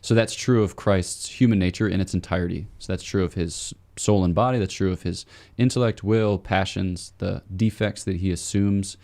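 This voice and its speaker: A priest speaking as a podcast guest in a very low, mellow voice. He explains theology step by step in a measured, scholarly manner with the odd "um". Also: fairly even intonation, creaky.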